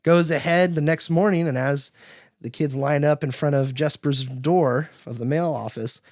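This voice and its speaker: A man's voice: a little high, moderate pace, dry recording, studio quality. Man animatedly recapping a film. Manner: animated retelling, acting out characters' lines in raised voices. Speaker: podcast host.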